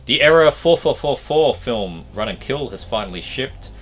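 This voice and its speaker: A man hosting a casual collection update vlog, his voice going hoarse, rambling with lots of fillers. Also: medium pitch, moderate pace, a little hiss or hum. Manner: rambling, animated, trailing fillers.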